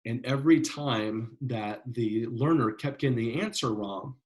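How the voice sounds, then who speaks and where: A male lecturer explains a psychology study in a loose, chatty way. He speaks at a middle pitch and keeps checking in with his listeners. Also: measured pace, rough recording. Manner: conversational, many fillers and "right?" checks. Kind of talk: classroom lecture.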